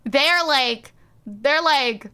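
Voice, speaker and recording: Brief: young woman streamer from the New York area, high and bright, rambling and animated. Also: drawn-out words. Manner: rambling, animated, swears, laughs often. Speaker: vtuber streamer. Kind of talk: casual stream chat.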